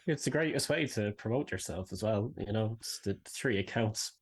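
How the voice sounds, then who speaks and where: Man, podcast co-host, wry, deep voice, husky. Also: moderate pace. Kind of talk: casual podcast chat.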